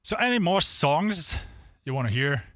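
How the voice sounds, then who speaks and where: A man's voice: on the high side, very animated, normal speed, a bit bright, no room sound. A man streaming drum sessions, chatting casually and rambling to viewers between songs. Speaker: drumming live streamer.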